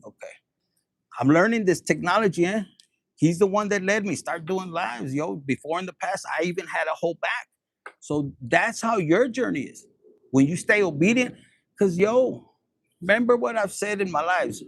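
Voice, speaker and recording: A man's voice: high-pitched, lively intonation, moderate pace, vocal fry, dry recording, studio quality. A man giving a collective tarot reading in a streetwise, profane, preachy way, slipping into Spanish phrases. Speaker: tarot reader.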